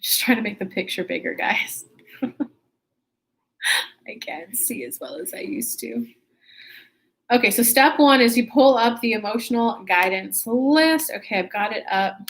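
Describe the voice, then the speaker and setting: A woman's voice: a little high, expressive, unhurried, gravelly, pauses often. A woman hosting a casual spiritual livestream, chatty and upbeat, talking to viewers from her computer. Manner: chatty, upbeat, with laughs and self-corrections.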